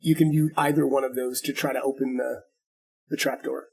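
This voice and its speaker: A man's voice: medium pitch, level tone, fairly quick, creaky, darkish tone, breathy edge. A man narrating as game master, patiently explaining the rules step by step.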